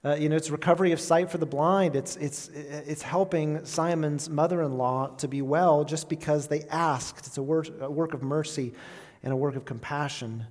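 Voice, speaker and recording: A man's voice: on the high side, steady tone, normal speed, a little mellow. A man preaching in a conversational, lightly raised voice, throwing questions out to the congregation and restarting his phrases as he goes. His words ring out with a long reverb from a church hall. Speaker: pastor. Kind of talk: sermon.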